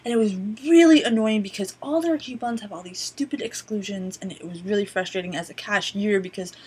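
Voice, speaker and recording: A woman's voice: mid-range voice, a little fast, darkish tone, slight background noise. A woman vlogger telling stories casually to her laptop webcam, rambling with many "um"s and a wry, profane streak. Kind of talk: casual storytelling to camera. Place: indoors at a borrowed laptop.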